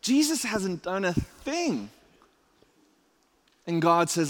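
A man's voice: high-pitched, big pitch swings, slow pace, long pauses. Chatty preacher man in an echoing hall. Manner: chatty with many restarts and rhetorical questions. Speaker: pastor. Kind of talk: conversational sermon. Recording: long reverb of a large hall.

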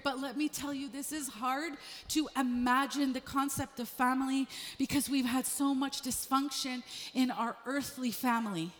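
A middle-aged woman pastor preaching a sermon, telling stories in an animated way that swings from quiet asides to raised emphasis. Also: sits high, normal speed, few pauses. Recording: long hall reverb.

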